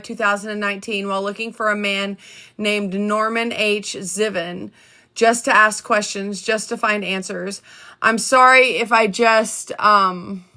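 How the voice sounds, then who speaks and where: A woman hosting a casual livestream, reading letters aloud in a chatty, halting way with many ums and restarts. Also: medium pitch, bright, forceful tone. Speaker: livestream host reading documents.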